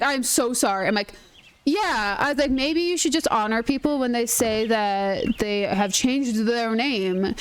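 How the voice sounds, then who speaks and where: A young woman gaming streamer chatting casually, telling an animated story full of quoted dialogue. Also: on the high side, slight background noise. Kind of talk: casual chat while gaming.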